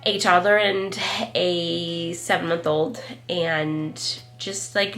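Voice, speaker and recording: A woman's voice: on the low side, gravelly, bright, forceful tone. A woman in her thirties with a head cold and a stuffy nose, chatting casually and rambling to camera as a family vlogger on a clip-on mic. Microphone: wireless clip-on mic.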